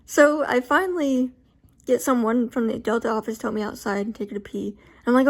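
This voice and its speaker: A woman telling a personal story to camera in a casual, animated way. She leans on fillers like "like" and acts out her own reactions. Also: on the high side, fast talker.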